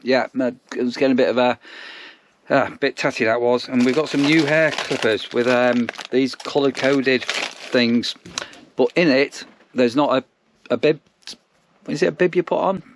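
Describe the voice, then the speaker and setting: A man's voice: mid-range voice, dry recording. A man from England chatting casually to camera in a vlog, narrating what he eats at a campsite caravan. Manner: chatty, self-narrating while eating. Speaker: vlogger.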